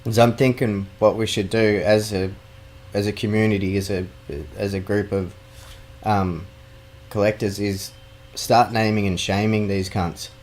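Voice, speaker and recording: Man, low voice, blunt and sweary, gaming podcast co-host. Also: little pitch movement, unhurried, a little mellow. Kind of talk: casual chat.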